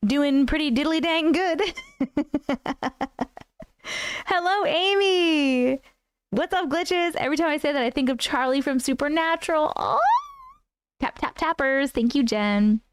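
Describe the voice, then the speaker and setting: A woman's voice: sits high, measured pace, long pauses, a little hiss or hum. A woman hosting a live stream, greeting her chat viewers one by one in a bubbly, playful way. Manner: bubbly, playful, trying silly accents. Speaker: host of a live stream reading weird stories.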